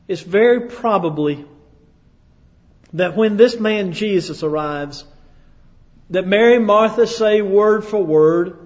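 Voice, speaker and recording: A male preacher telling a sermon as dramatic second-person storytelling, dropping to a hush and rising to loud declarations. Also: sits high. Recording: echoey hall, dull lo-fi sound.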